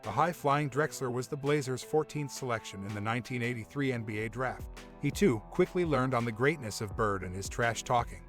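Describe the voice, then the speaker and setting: Guy narrating a sports recap, even and informative, soft music under it. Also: medium pitch, brisk. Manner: steady, informative storytelling. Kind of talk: scripted narration.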